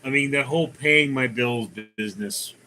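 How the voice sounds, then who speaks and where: Bright-voiced man chatting on a livestream. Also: medium pitch, moderate pace, faint music behind, low-quality recording. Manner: rambling, many fillers and restarts, tells jokes. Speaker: livestream host. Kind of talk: casual chat reading viewer comments.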